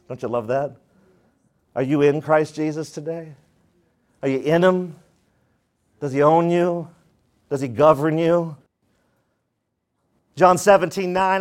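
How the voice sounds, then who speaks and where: Man, pastor, high voice, emphatic sermon, loud then hushed, questions to the congregation. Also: moderate pace, pauses often. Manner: emphatic, swings between loud declarations and quiet asides.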